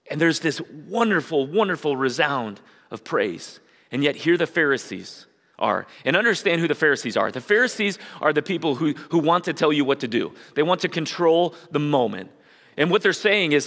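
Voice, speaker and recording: A male pastor preaches with a bright, forward, slightly raised voice, mixing casual asides with emphatic repetition. His words trail off into a long church reverb. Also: fairly high pitch, animated, a little fast. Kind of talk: sermon.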